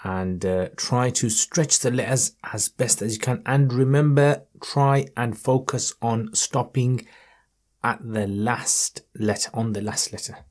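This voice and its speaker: A man teaching viewers to read the Quran, speaking in a friendly, encouraging way straight to them and drawing out his recited words slowly. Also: mid-range voice. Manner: slow, stretched chanting in recited passages. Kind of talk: recitation lesson.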